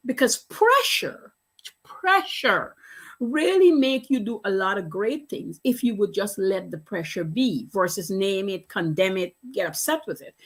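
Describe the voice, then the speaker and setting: A woman business coach giving a motivational talk, telling stories in earnest, emphatic, repetitive phrases. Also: on the high side.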